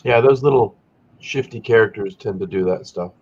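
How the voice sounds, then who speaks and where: Husky low-voiced man chatting casually. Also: moderate pace, darkish tone. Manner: joking, chatty. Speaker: guest on a live chat. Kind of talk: casual chat. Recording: dull lo-fi stream audio.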